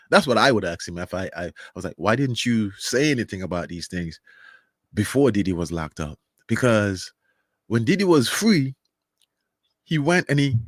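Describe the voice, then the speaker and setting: A man's voice: sits low, a bit bright, no echo, clean studio sound. A man hosting his own commentary channel, talking casually and rambling with many restarts and fillers.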